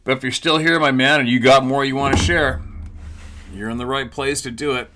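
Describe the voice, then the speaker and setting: A man's voice: medium pitch, steady tone, a little fast, background noise. A man hosting a show, telling stories at home in a loose, laid-back way, swearing freely and laughing often. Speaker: host. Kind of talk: casual chat. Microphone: laptop camera.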